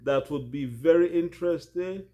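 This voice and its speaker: A man hosting a class, giving closing thanks in a halting way with many fillers. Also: a little high, mellow. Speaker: class host. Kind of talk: closing remarks.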